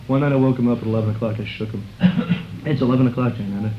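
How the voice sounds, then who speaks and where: A man's voice: mid-range voice, fairly even intonation, racing. A middle-aged man telling casual stories in a rambling way, using many fillers and acting out quotes in a raised voice. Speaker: interviewee recalling a friend. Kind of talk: casual storytelling. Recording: muffled recording with clear background noise.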